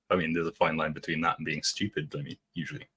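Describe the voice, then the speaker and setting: A man's voice: rumbling low, little pitch movement, fast, bright, forceful tone, a little hiss or hum. A man co-hosting a casual livestream, teasing and joking with his co-host. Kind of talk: casual live-stream chat.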